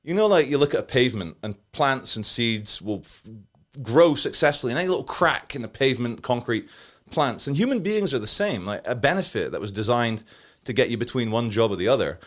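A man's voice: mid-range voice, expressive, fairly quick. Scottish guy, medium voice, dry sarcastic anecdotes, chatting on a podcast. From Scotland. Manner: sardonic storyteller, dry asides. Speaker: podcast guest. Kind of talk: casual chat.

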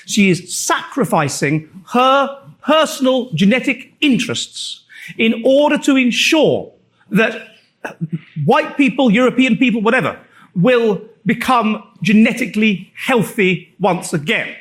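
A man from England presents his book to a live audience with a noticeably high voice. He lectures in a wry, storytelling way. He often halts and starts his sentences again. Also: expressive, a little slow, fairly bright tone.

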